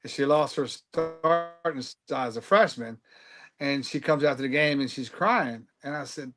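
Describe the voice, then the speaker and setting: A man's voice: fairly high pitch, lively intonation, moderate pace, fairly bright tone, soft background music. An older man, a podcast host, telling stories in casual chat with a tough, salty manner. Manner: tough-talking storyteller, loose and salty.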